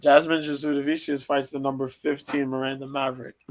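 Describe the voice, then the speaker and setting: A man hosting a casual livestream, previewing fights in a loose, rambling way with lots of pauses and ums. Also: medium pitch, little pitch movement, low-quality recording. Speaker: podcast host previewing fights.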